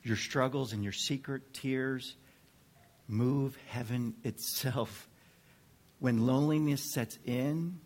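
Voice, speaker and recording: A man preaching a sermon to a group of men, earnest and measured, dropping to a hush and then building to fervent emphasis. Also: mid-range voice. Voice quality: drops to a near whisper at times. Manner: slow, earnest delivery with dramatic swings from hushed to fervent.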